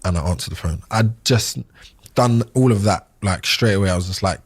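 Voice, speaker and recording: Man, 30s, podcast guest, husky voice, very dry close sound, halting speech. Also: deep voice, dry recording. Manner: halting, many fillers and restarts. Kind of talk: emotional interview recollection.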